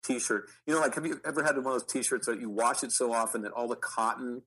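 A middle-aged man, an actor guest, telling animated stories in an interview with frequent restarts. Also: medium pitch, fast talker, breathy edge, low-quality recording. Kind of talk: storytelling interview.

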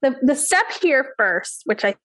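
A woman's voice: sits high, big pitch swings, unhurried, a bit bright, no room sound. A woman in her thirties, a child therapist, talking casually and candidly in an interview, peppering her speech with "like" and "you know what I mean". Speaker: child therapist and parenting expert.

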